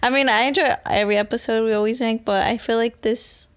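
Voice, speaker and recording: A young woman co-hosts a casual podcast, chatty and quick to tell a story. Her voice sits a little high, and she drops Spanish phrases into her talk. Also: steady tone. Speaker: podcast co-host. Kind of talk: casual chat.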